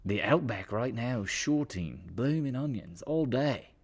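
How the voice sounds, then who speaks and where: A man's voice: medium pitch, expressive, pitched above the performer's own voice. A man putting on an exaggerated Australian accent to play a brash, joking bushman. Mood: hammy. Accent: put-on Australian. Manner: exaggerated, hammy, drawn-out.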